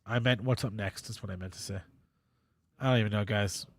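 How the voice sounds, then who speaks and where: A man's voice: on the low side, steady tone, fairly quick, no room sound. Male livestream host, stuffy nose, rambling and self-deprecating, dry mic. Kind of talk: live market show hosting.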